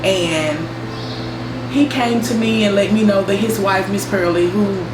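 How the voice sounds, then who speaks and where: A woman giving an unhurried, heartfelt memorial tribute to a coworker. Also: mid-range voice, noisy background. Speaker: UPS coworker. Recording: roomy echo with music behind.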